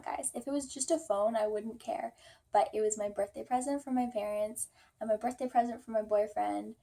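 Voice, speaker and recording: A woman's voice: mid-range voice, mellow. A young woman telling a storytime vlog, chatty and full of fillers, acting out her own quotes. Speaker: vlogger.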